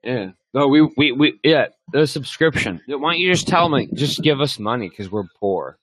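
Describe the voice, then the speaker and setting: A young man hosting a casual talk stream, ranting crudely and heatedly and swinging between loud and muttered. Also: mid-range voice, animated, moderate pace, no echo, rough recording. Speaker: host. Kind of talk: profane casual rant.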